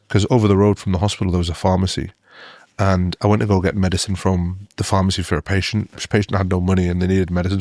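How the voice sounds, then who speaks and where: Earnest doctor, flat low voice. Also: male voice, no room sound. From Australia and the UK. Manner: earnest, halting, many restarts and "you know" fillers. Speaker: doctor guest. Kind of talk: interview storytelling.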